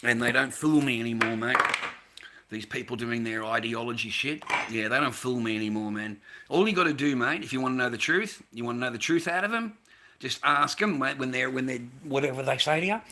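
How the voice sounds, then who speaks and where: A man's voice: mid-range voice, brisk, pushed and bright, slight background noise. An Australian man ranting in a casual, blunt way, swearing a lot and repeating "mate". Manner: blunt, repetitive, swearing, keeps adding "mate". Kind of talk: casual profane rant.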